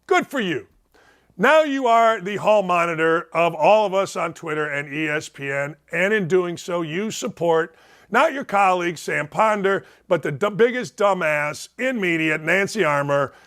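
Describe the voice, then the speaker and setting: A man's voice: high-pitched, fairly bright tone. A man hosting a sports talk show, delivering a blunt, sarcastic, ranting monologue.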